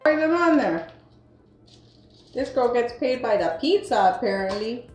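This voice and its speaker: In her home kitchen, a cooking channel host runs a casual demo, chatty and teasing with plenty of fillers. Her voice is fairly high and darkish, animated but a touch slow. The kitchen echoes, with faint music in the background.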